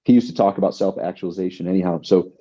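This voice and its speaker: Speaking as an interview guest in a conversational exchange, a man tells stories with emphasis, repeating words as he goes. His voice sits low and mellow with a steady tone, and he talks very fast. The recording sounds dull and lo-fi.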